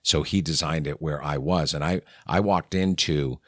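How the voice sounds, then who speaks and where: Low-voiced man telling radio stories. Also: normal speed, dry recording, clean studio sound. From New England. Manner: animated anecdotes, acting out quoted exchanges. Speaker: radio morning show host, podcast guest. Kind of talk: candid storytelling in a conversation.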